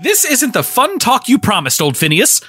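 A performer voicing a boastful, drunk old gnome headmaster in a comedic audio drama, swaggering between sly mutters and loud outbursts. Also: medium pitch, wildly swooping pitch, normal speed, breathy edge, soft background music, heavily acted. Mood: scornful.

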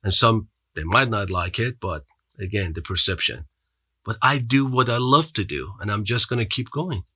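A man's voice: lowish voice, normal speed, sharp tone, husky, dry recording. A man with a foreign accent, a podcast guest telling his story in an earnest, motivational way with frequent restarts. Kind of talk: storytelling in an interview.

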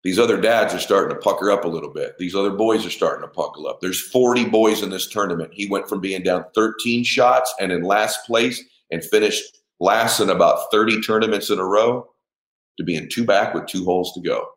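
Talking a little fast, a middle-aged father delivers a personal anecdote with emphasis in an echoey space. He swears, dramatizes the conversations and shouts when things come to a head.

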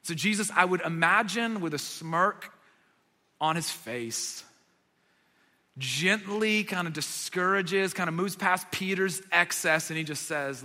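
A man's voice: sits high, unhurried, sharp tone. A male pastor giving a sermon, telling the story dramatically as his voice swells and sinks to near whispers. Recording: long hall reverb.

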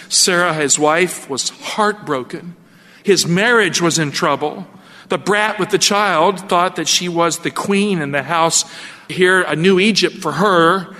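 Bright, dramatic man preaching. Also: a little high, a little slow, big-room sound. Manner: dramatic, storytelling. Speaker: pastor. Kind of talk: sermon.

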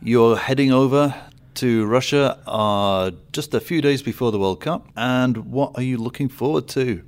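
A man's voice: medium pitch, normal speed. A man hosting a sports podcast, leading a casual chat in a playful, teasing way. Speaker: podcast host.

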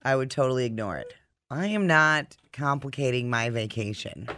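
A man co-hosting a morning radio show, chiming in with quick jokes and reactions. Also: mid-range voice, pushed and bright, a little hiss or hum. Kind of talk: casual comedic radio banter.

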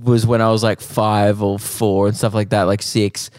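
A man's voice: fairly low pitch, level tone, moderate pace, a little mellow, dry recording. A man with an Australian accent, co-hosting a podcast in casual chat. He talks things through in a laid-back way and drops crude jokes. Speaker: podcast co-host.

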